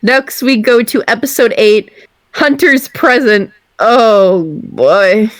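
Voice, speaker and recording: A woman's voice: fairly high pitch, slow pace, no room sound. A woman hosting a casual book discussion, reading out comments and laughing often. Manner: giggly, reads out listener comments. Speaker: host of a book discussion group.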